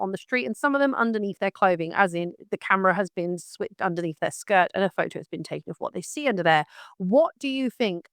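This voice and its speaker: A woman's voice: mid-range voice, a bit bright, smooth, no room sound. Outspoken woman, dry close sound. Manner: outspoken, emphatic, direct. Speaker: podcast host. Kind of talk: opinionated commentary.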